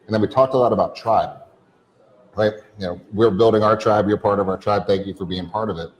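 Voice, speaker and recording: A man with a very low voice co-hosts a casual podcast. He coaches his listeners, stringing points and questions together in long run-on lists. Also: fairly even intonation, fairly quick, dull audio. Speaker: podcast co-host. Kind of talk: casual chat.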